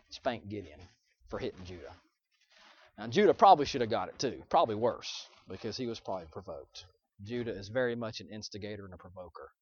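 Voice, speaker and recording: A man's voice: mid-range voice, no echo. Earnest preaching man, muffled dry sound. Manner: earnest, confessional storytelling, swinging from loud to hushed. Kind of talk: sermon illustration.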